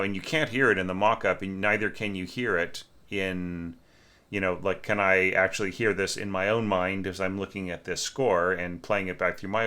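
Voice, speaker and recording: A man's voice: low voice, sharp tone. A man teaching orchestration, talking casually through a student's score and humming parts with da-da syllables. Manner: thinks aloud, sings lines with da-da.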